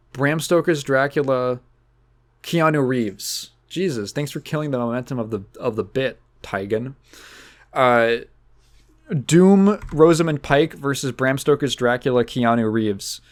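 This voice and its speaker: A man's voice: mid-range voice, measured pace. A young man hosting a casual podcast, rambling loosely with lots of fillers and the odd curse. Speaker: podcast host. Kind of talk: casual chat.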